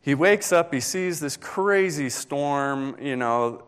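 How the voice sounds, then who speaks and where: A man's voice: a little high, animated, a bit bright, clear, resonant tone. Earnest man preaching a personal story. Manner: personal storytelling, earnest, pausing, rising intensity. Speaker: pastor. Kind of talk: sermon.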